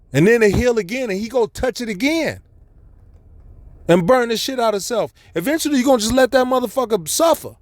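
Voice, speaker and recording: A man's voice: high-pitched, lively intonation, normal speed, a little mellow, no room sound. Blunt, profane preaching man. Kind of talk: profane street sermon.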